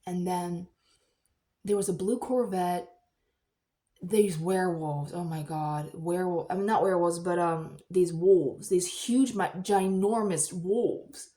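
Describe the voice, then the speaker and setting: A woman vlogging in a casual, rambling storytelling way, acting out the people she quotes with sudden high, excited voices. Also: unhurried. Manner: animated, acts out quoted voices in high squeals.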